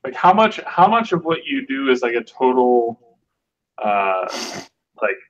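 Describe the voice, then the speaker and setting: A man hosting a casual online hangout, rambling and halting with lots of fillers. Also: medium pitch, big pitch swings. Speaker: host. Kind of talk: casual chat. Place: online video call. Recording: dull lo-fi audio.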